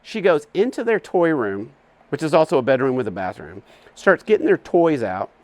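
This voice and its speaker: A man's voice: a little high, big pitch swings, moderate pace, no room sound. A man with an Alabama Southern accent, a guest animatedly telling stories on a front porch and laughing often. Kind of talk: casual storytelling chat.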